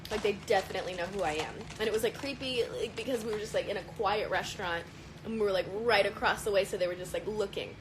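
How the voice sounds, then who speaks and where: A woman's voice: mid-range voice, quick pace, background noise. A young woman, an actress, telling a story in casual chat, full of fillers and quoted lines. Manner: chatty, lots of fillers and quoted voices. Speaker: actress on a livestream.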